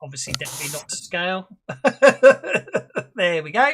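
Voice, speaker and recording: A man narrating as game master of a tabletop game, halting and restarting often with many fillers. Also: a little high, expressive, pushed and bright, breathy edge.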